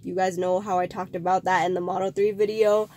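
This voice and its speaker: A woman's voice: on the low side, level tone, a little fast, a little mellow, no echo. Chatty young woman with a cold. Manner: chatty, rambling, with fillers and restarts. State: slightly nasal, getting over a cold. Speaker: vlog host. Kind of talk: casual vlog talk to camera.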